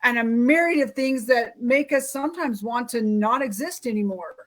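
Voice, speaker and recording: A woman's voice: fairly high pitch, normal speed. A woman hosting a casual conversation, speaking earnestly and reflectively with frequent restarts. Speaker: host. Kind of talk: casual interview chat.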